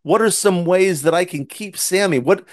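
A man's voice: high-pitched, normal speed, dry recording, studio quality, voice pushed up, close to an everyday voice. A man voicing a young boy who stammers eager, anxious questions about his pet lamb. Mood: worried.

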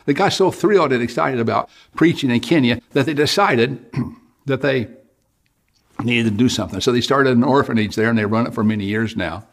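A man's voice: mid-range voice, brisk. An older man preaching an evangelistic sermon, with earnest, pleading appeals to the listener. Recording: music playing behind.

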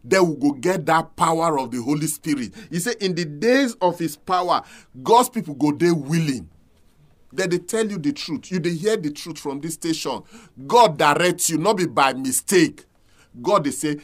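A man with a Nigerian accent preaching a radio sermon, with emphatic swings in pitch and loudness. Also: expressive, moderate pace. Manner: emphatic preaching, sharp rises and drops in pitch and volume.

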